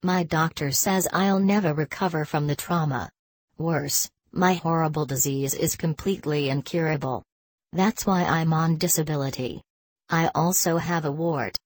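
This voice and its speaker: A woman reading a written text aloud in a deadpan way, speaking the punctuation marks as words. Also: sits low, normal speed, no echo.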